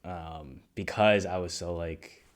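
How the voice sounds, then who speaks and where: A man's voice: deep voice, fairly even intonation, takes it slowly. A young man hosting a podcast interview, chatty and encouraging toward his guest. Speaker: host.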